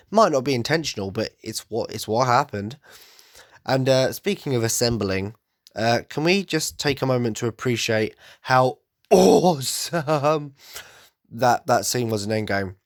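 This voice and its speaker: A man's voice: mid-range voice, no echo, studio quality. A rambling, stuffy-nosed man on a podcast. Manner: rambling and enthusiastic, with restarts and stutters. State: blocked up, slightly nasal from hay fever. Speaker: podcast host. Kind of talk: casual solo podcast monologue.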